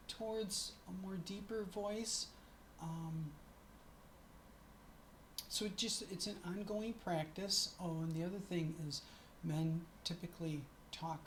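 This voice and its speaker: A woman's voice: lowish voice, steady tone, a little slow, slight background noise. A middle-aged woman chatting to camera in a casual vlog, often stopping to correct herself. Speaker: vlogger.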